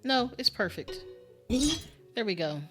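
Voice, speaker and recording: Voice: medium pitch, expressive, measured pace, a bit bright, faint music behind. A streamer thinking aloud during a casual live-stream game commentary, muttering and musing with lots of fillers.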